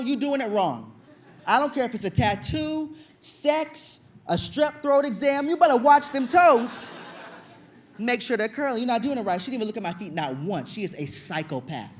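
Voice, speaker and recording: A young man with a high voice performs stand-up on a club stage, acting out his story with sudden loud outbursts. Faint room noise sits behind the voice. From Virginia, USA. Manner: animated storytelling, loud acted-out shouts. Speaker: stand-up comedian. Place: comedy stage before an audience.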